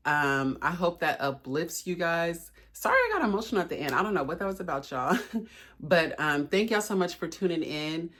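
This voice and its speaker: Young woman vlogger with a low voice, chatty and encouraging. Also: big pitch swings, moderate pace, fairly bright tone. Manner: chatty, encouraging, says y'all a lot; emotional, voice cracking at times. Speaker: lifestyle vlogger. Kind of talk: casual motivational vlog talk.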